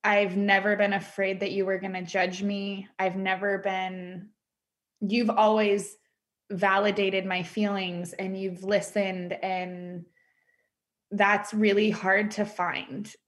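A woman's voice: mid-range voice, little pitch movement, takes it slowly. A woman, a former client appearing as a podcast guest over a video call, speaking in an effusive way and filling her talk with "like". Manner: effusive, says "like" often. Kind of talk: casual conversation.

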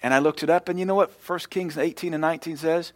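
A man preaching a sermon with impassioned, storytelling delivery that swells louder and higher. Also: steady tone, quick pace, dry recording. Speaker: pastor.

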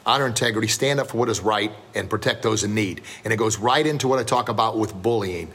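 A man's voice: fairly low pitch, quick pace, a bit bright, husky. A man in his fifties hosting a podcast as a martial arts instructor, telling stories in a joking, self-deprecating, folksy way. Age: 50s. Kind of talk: casual storytelling podcast.

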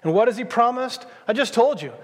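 High-voiced preaching man in a reverberant hall. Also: expressive, a little fast. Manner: emphatic preaching, repeats key phrases. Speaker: pastor. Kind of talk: sermon.

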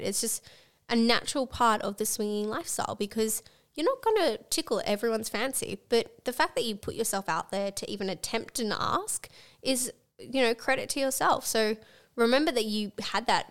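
A woman co-hosting a casual podcast chat, speaking frankly and swearing casually. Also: a little high. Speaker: co-host.

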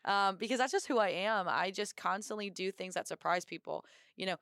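A young American woman, a Marine officer and athlete, telling her story in a casual podcast interview with lively energy and acted-out quotes. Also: medium pitch, a little fast, smooth, no echo, clean studio sound. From United States. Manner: energetic, upbeat storyteller who acts out quotes.

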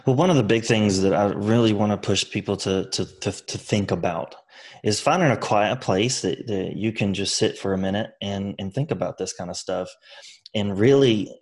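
A man with a fairly low voice, speaking as a podcast guest. He gives earnest motivational advice and often restarts his sentences. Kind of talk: conversational interview.

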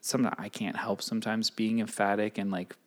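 A man co-hosting a relaxed conversation, animated and acting out voices in his stories. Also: on the low side, brisk. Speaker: podcast co-host. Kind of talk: casual chat.

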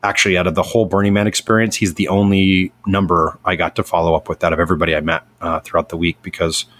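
A man's voice: low-pitched, level tone, fast, a bit bright. A middle-aged man hosting a show, telling a personal story in an earnest, rambling way with many fillers and restarts. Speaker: podcast host.

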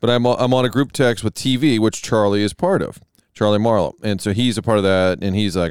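A man's voice: on the low side, quick pace, smooth, dry recording, clean studio sound. A middle-aged man co-hosting a talk show, telling stories in a joking way and slipping into voices. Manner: joking storyteller who slips into voices. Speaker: radio show co-host. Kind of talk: casual chat.

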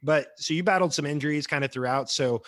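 A man's voice: on the high side, fast talker, no room sound, clean studio sound. A man hosting a casual podcast interview, asking questions in a friendly way with fillers. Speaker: podcast host.

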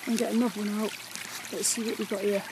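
A vlogger with an English accent chatting quietly and rambling while walking by a river in the woods. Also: mid-range voice, level tone, quick pace, noisy background. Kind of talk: casual walk-and-talk vlog. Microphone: camera carried while walking.

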